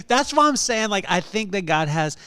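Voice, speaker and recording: A man's voice: sits high, very animated, slow pace, gravelly, a loud crowd. A man hosting a podcast, joking and laughing as he asks questions in a casual interview. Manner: joking, laughs while talking. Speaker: podcast host.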